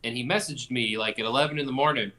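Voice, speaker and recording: Podcast co-host, male, bright and forward tone, rambling, profane, jokey. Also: medium pitch, rapid-fire, a little hiss or hum. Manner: rambling, swears freely, jokey. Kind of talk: casual chat.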